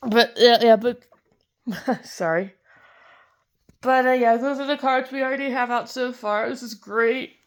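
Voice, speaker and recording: Slightly high-pitched, this young woman speaks at a measured pace with long pauses. She's hosting a card-collecting video, casually commenting as she opens trading card packs and giggling and gushing over favorite cards.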